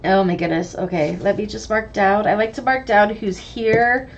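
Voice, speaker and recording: Hoarse, sniffly woman teaching a sewing class. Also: medium pitch, steady tone, moderate pace, dull audio, slight background noise. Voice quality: raspy. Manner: chatty, greets viewers by name. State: sick with a cold, hoarse and sniffly. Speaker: bag-making sewing instructor. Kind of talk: chatty live online class.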